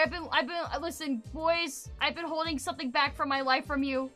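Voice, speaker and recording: A young woman streamer chatting with viewers on her desk mic, hyper and loud, swearing and breaking into sudden yells. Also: high voice, fairly even intonation, a little fast, few pauses, faint music behind. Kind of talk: casual chat with viewers.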